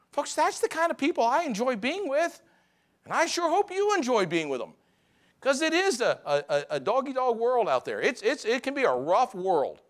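A man preaching a Sunday sermon in a church, talking to the congregation in a conversational way, his voice rising for emphasis and then dropping low. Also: a bit bright. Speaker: pastor. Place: church sanctuary.

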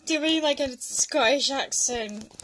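A woman's voice: high-pitched, unhurried, background noise. A young woman hosting a casual gameplay chat, laughing often as she plays. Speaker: host.

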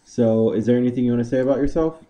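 A man co-hosting a casual podcast, relaxed as he introduces contestants. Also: mid-range voice, rapid-fire. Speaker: podcast co-host. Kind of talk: casual chat.

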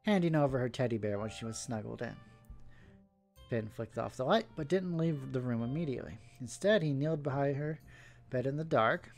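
A man reading a story aloud, slipping in casual asides between the narration. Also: medium pitch. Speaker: story reader.

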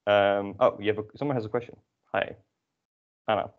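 Lower-voiced man teaching, joking dryly. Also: steady tone, brisk, narrow, tinny audio. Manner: casual, self-mocking explanations with many fillers. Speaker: Dutch language teacher. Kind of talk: online class lecture.

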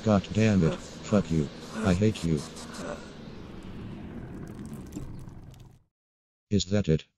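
A man voicing a foul-mouthed young non-human inventor in an animated short, blunt and agitated. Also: sits low, measured pace, background noise. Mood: irritated. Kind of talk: indie animated short film acting.

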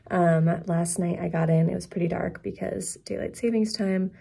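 A woman's voice: on the low side, steady tone, moderate pace, vocal fry, mellow, breathy edge. A young woman from Syracuse, New York, chatting in an upbeat, casual vlog at her parents' house on a handheld camera. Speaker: vlogger.

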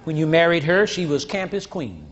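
An older man preaching a sermon to a congregation, teasing and blunt, rising to shouts and dropping low. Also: sing-song, normal speed. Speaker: pastor. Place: church. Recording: dull lo-fi church recording, faint crowd.

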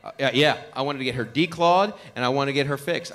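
A man doing an animated stand-up comedy routine on a club stage. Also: mid-range voice, fast talker. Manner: animated storytelling with mock cat yowls. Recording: live club recording with crowd noise. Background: audience laughter.

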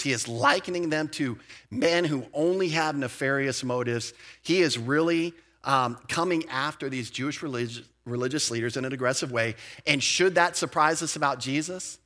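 A man preaching a sermon as pastor, in a lively, conversational way with casual asides. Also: mid-range voice. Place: church sanctuary.

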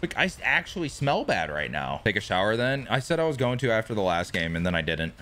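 A young man streaming a baseball video game, commenting casually, swearing and yelling at big plays. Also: on the low side, fast. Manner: excitable, yells at big plays, swears, talks to chat. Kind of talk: live gameplay commentary.

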